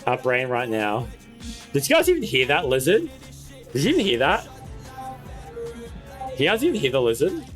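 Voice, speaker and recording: A young man streaming a game live with friends, excitable, shouting quick callouts, casually swearing and repeating himself when he pushes back. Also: medium pitch, soft background music. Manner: defensive, insistent repeating. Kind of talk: live gameplay commentary with friends.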